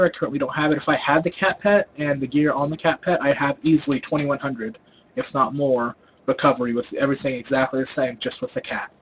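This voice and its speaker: A man's voice: a little high, slight background noise, low-quality recording. A young man casually talking through a game guide over his screen, rambling with lots of fillers and restarts, his volume rising and falling. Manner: volume rises and falls a lot. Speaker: gaming video host.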